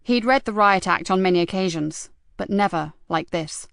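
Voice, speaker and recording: A woman reading an audiobook as the narrator, in a measured, even storytelling manner. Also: medium pitch, gravelly, no room sound, studio quality. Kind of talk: scripted narration.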